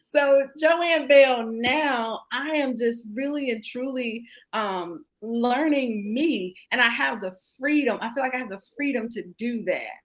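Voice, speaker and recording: Woman, 40s, interview guest, fairly high voice, open and warm-humored delivery. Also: measured pace, few pauses, low-quality recording. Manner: candid, laughs often, repeats "really and truly". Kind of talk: casual interview chat.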